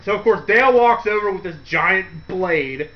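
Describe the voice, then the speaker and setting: A man hosting a radio segment, giving a casual, rambling movie review with frequent laughs and quick character impressions. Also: high voice, lively intonation, lo-fi sound. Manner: rambling, laughs often, acts out quotes in character voices.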